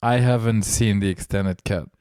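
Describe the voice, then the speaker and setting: A man's voice: on the low side, fairly even intonation, normal speed, darkish tone, smooth, dry recording, studio quality. A man with a French accent, a guest joining a casual podcast chat and joking along. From France.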